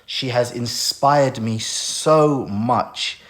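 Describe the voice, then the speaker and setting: A man's voice: mid-range voice, very slow. A man hosting a casual live stream, talking in a heartfelt and emotional way as he thanks people.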